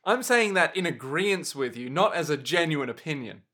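A man co-hosting a podcast, trading jokes in loose, comedic chat. His voice sits a little high and swings widely in pitch. He swears freely and keeps the banter going. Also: normal speed. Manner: jokey, animated, swears freely. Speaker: podcast co-host.

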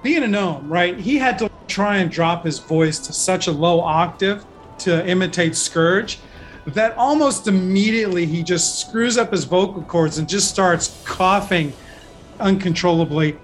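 A man's voice: sits high, unhurried, soft background music. A man narrating and ruling as game master of a tabletop role-playing game, in an easygoing way.

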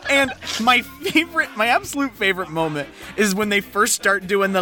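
A woman co-host talking in a casual, gushing way, her voice bright and forward. She laughs easily and gets carried away with favourite moments, while faint music plays underneath. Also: mid-range voice, normal speed. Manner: gushing, laughs often, sings along. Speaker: podcast co-host. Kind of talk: casual chat about a musical film.

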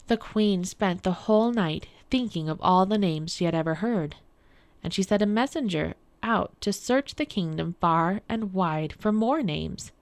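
A woman from a public library reading a fairy tale aloud for radio in a calm, measured way. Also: mid-range voice. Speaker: library storyteller. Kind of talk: storybook read-aloud for radio.

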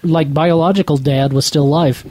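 A man's voice: on the high side, fairly even intonation, moderate pace, mellow, no room sound. A man in a casual group chat about movies, stammering and restarting his sentences.

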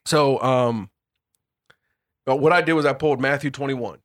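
A man's voice: medium pitch, normal speed, a bit bright, no room sound. Man leading a casual Bible discussion, dry sound. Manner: explaining, repeats and restarts words, breaks into laughs. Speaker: Bible study leader.

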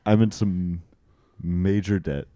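Man, podcast host, casual comedy chat, excitable, laughing, low warm voice, dry sound. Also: no echo. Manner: excitable, laughing, quick to push back.

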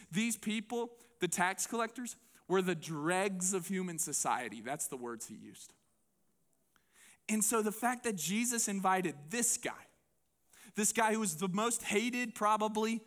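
Man, pastor, sermon, high voice, animated and conversational. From United States. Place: church before a congregation.

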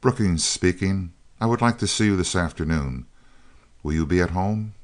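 A man's voice: sits low, moderate pace, lightly acted. A man reading the lines of a grim male business chief, blunt and businesslike, in an audiobook.

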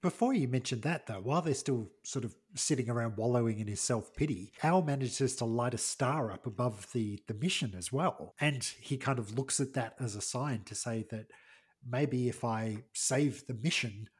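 A man with a husky voice sums up the plot of a TV episode in a relaxed way. He talks casually and drops offhand asides as he goes. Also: mid-range voice, normal speed. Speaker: podcast co-host. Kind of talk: casual chat reviewing a TV episode.

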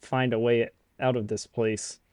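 A man voicing a skeletal male scholar in robes, speaking slowly and indignantly with a British accent. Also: medium pitch, flat delivery, darkish tone, smooth, dry recording, studio quality, lightly acted. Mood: wary. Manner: slow, drawn-out indignant delivery.

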